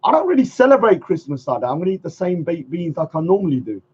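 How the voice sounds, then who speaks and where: A man with a fairly high voice chats casually to his livestream audience, rambling and circling back to the same phrases. The sound is muffled and lo-fi, like typical stream audio. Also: very animated, quick pace, husky. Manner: rambling, repeats phrases, chuckles often. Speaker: livestream host.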